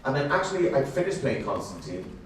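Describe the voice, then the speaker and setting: A man telling animated, chatty stories at a convention Q&A panel, often laughing as he talks. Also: mid-range voice, brisk. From Wales. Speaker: actor, panel guest. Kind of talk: convention Q&A storytelling. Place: large convention hall. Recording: very echoey hall, distant, faint noise.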